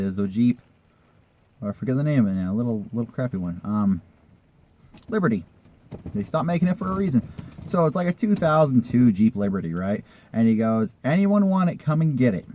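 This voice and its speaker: A man's voice: mid-range voice, warm tone. A man in a casual vlog, telling a personal story in a rambling, conversational way with the odd swear word.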